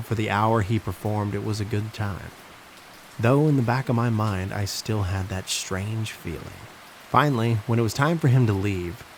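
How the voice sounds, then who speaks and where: A man hosting and narrating true horror stories in a slow, ominous scripted delivery. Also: fairly low pitch, low-quality recording. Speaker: horror story narrator and host. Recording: faint hiss with rain sounds.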